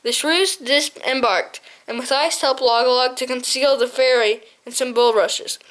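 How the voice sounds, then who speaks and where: Woman, audiobook narrator, high voice, steady reading, small self-corrections. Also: moderate pace. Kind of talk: scripted narration.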